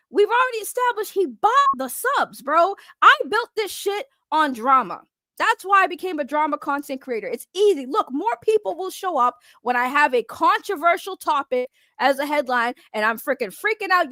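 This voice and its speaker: A woman YouTuber ranting in a heated, mocking, profane way to her viewers, often surging loud and fast. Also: very high voice, no echo. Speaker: drama commentary YouTuber. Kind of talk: heated rant to camera.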